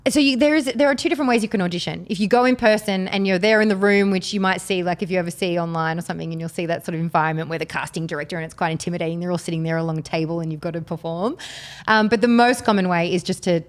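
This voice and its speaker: A woman's voice: fairly low pitch, very fast. A woman with an Australian accent, chatting casually as a guest and laughing often. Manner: lively, laughs often, restarts words. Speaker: guest, actress and poker host. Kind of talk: casual chat.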